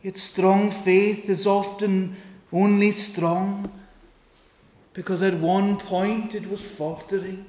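A man preaching an earnest sermon, pleading with his listeners and pausing for effect. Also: high voice, level tone, darkish tone, roomy sound. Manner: earnest, pleading, with dramatic pauses and quoted prayers.

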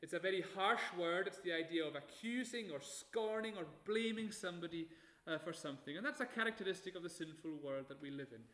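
A man preaching a sermon, measured and emphatic, slowing down to stress key phrases. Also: high voice, a bit bright, roomy sound.

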